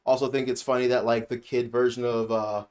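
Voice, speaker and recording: A man gives a casual spoken review as the host of his own channel. His voice sits at an ordinary middle pitch, and he rambles, restarts and repeats phrases to hammer a point home. The tone stays conversational throughout. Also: level tone, a little fast, darkish tone, smooth. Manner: rambling, repeats himself, emphatic.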